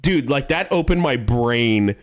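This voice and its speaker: A man's voice: medium pitch, animated, unhurried. Rambling, foul-mouthed man telling a story. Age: 30s. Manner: rambling, profane, full of fillers. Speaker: streamer. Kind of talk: casual storytelling on a stream.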